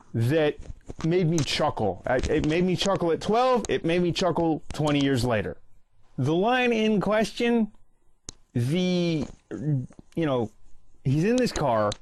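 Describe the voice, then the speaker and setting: A man in his early thirties, host of a movie commentary channel, chattily retelling a film's ending and quoting its lines in a casual monologue. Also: on the high side. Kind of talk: casual film recap monologue.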